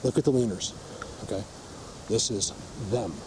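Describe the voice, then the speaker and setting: A Bigfoot field researcher vlogs while walking through a forest, speaking emphatically and insistently to viewers at normal speed in a lowish voice. The camera mic records noisy outdoor ambience and a faint vehicle.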